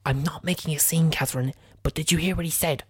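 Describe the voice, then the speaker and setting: A man's voice: a little high, fairly even intonation, fast, breathy edge, no echo, studio quality. A man playing a seething partygoer who mutters and hisses under his breath while he tries to hold back his anger. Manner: hissing, muttered, whispered.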